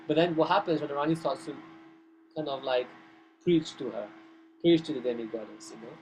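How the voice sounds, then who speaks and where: A man teaching a scripture class, telling stories in an animated, conversational way with frequent restarts. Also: mid-range voice, a little fast, long pauses, a little hiss or hum, poor audio. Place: temple classroom.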